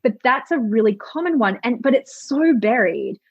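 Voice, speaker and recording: A woman's voice: fairly high pitch, sing-song, normal speed, breathy edge, no echo. A middle-aged woman coach talking candidly as a podcast guest, swearing freely and acting out the thoughts of her clients. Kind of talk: casual interview chat. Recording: slightly dull lo-fi audio.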